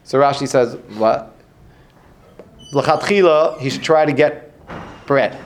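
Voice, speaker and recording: A man's voice: medium pitch, takes it slowly, a little hiss or hum. A man giving a Talmud lesson, explaining with frequent restarts and rhetorical questions. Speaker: Torah teacher.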